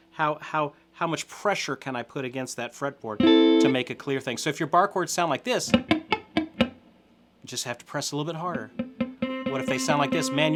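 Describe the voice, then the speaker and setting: A middle-aged man whose voice sits on the high side teaches a guitar lesson step by step. He's encouraging, counts along, and often checks in with "okay?"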